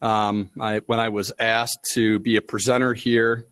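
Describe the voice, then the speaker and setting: A man presenting at a conference panel as a state forester, speaking in a measured way with occasional fillers and restarts. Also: on the low side, flat delivery, a bit bright, clean tone, no room sound. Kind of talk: prepared conference talk. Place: conference room.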